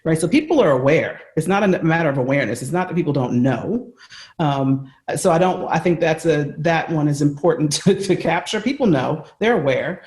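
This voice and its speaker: A woman's voice: low voice, lively intonation, moderate pace, a little mellow. Earnest American woman on an echoey call. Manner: earnest, emphatic, explains with examples. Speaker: leadership coach. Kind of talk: conversational interview answer. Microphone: video call.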